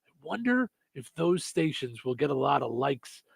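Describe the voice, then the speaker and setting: A man's voice: on the high side, big pitch swings, moderate pace, creaky, husky, dry recording. A man hosting a radio morning show, chatting casually with many fillers and restarts. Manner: rambling, lots of fillers and restarts.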